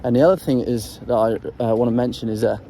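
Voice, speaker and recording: Man with a dark, mellow tone, mid pitch, unscripted vlog explaining voice technique with lots of fillers, faint outdoor noise behind. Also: fast talker, poor audio. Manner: rambling, hesitant, full of ums and restarts; demonstrates throat sounds while talking. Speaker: voice coach sharing singing tips.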